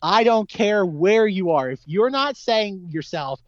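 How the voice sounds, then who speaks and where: Casting: chatty male podcast co-host, very lively pitch, filler-heavy, dry and slightly dull sound. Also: a little slow, no echo. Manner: rambling, many "like" fillers, animated. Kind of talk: casual film discussion.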